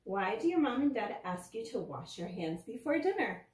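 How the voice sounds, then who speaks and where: A woman's voice: fairly high pitch, sing-song, normal speed, a little mellow. A woman voicing an enthusiastic male dentist in a read-aloud storybook, speaking in an emphatic, exclaiming, teacherly way. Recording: roomy, from a distance.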